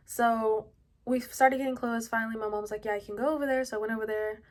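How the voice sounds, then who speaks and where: A young adult woman at home tells a personal story in a halting, casual way, full of fillers. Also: a little high, fairly even intonation, a little hiss or hum. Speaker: vlogger. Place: at home indoors.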